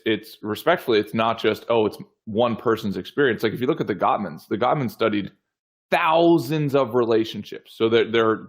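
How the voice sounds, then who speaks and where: A man with a low voice hosts a podcast in a casual way. He hesitates a lot, fills pauses with ums and often starts his sentences over. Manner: hesitant, lots of ums and restarts. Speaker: podcast host. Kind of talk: casual chat.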